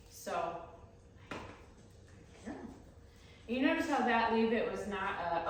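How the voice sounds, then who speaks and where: A woman dog trainer explaining her methods while she works with a dog, breaking off to praise it in a high voice. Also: very animated, moderate pace, long pauses, heavy reverb, distant mic, slight background noise, poor audio.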